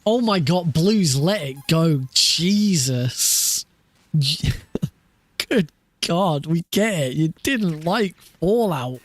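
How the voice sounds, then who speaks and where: A man's voice: a little high, animated, drawn-out words, no echo. A man chatting casually on a live stream while practicing a speedrun, laughing often and swearing offhandedly.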